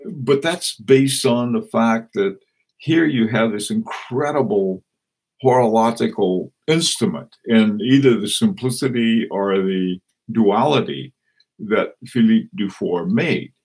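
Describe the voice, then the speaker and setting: A man hosting a casual live stream, chatting and reading out viewer comments in a rambling, halting way with many restarts. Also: medium pitch, darkish tone, slightly rough. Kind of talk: casual live-stream chat about watches.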